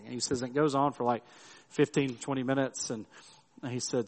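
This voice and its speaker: A man's voice: medium pitch, fairly even intonation, moderate pace, big-room sound. A middle-aged male pastor giving a sermon in a loose, storytelling way, with restarts and frequent tag questions.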